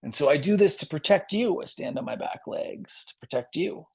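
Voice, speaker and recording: A man voicing a smooth-talking male coyote in a told story, speaking gently and reassuringly. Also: sits high, animated, moderate pace, no room sound, pitched above the performer's own voice, heavily acted.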